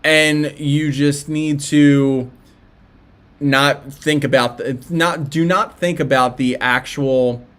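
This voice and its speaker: A man's voice: a little high, steady tone, slow, fairly bright tone. A young man with a Philadelphia accent, chatting casually as a livestream host. He reads out viewer messages and answers them in a loose, rambling way, with lots of fillers and restarts. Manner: laid-back, rambling, with frequent fillers and restarts. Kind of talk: casual live-stream chat reacting to viewer messages.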